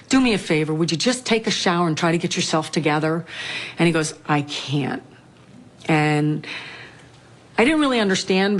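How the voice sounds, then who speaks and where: A middle-aged woman, a bereaved mother, telling her story in a documentary interview in a halting, grief-stricken way. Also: low-pitched. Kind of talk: documentary interview, personal account.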